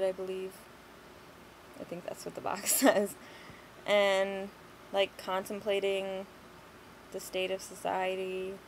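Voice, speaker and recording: A woman's voice: mid-range voice, low-quality recording. A young woman in the middle of her usual vocal range rants to camera in a blunt, exasperated way, swearing freely as she tells her stories. Her delivery is loose and conversational, with no script behind it. A faint hiss of noise sits under the recording. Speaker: vlogger. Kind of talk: casual ranting monologue.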